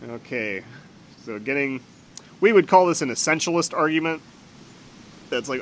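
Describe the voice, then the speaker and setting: A man's voice: medium pitch, expressive, measured pace, long pauses, a bit bright, slight background noise, rough recording. A man reading a classic dialogue aloud and breaking off to comment on it in a casual, offhand way. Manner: reads dialogue aloud then chats about it offhand. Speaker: reader and commentator on a philosophy text.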